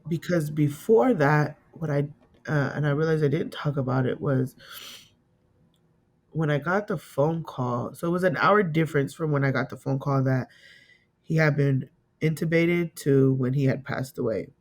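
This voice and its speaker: Grieving woman recounting a loss, halting. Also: sits low. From California. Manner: emotional, halting, repeats herself, acts out quoted voices. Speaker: guest telling her story. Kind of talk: personal storytelling interview.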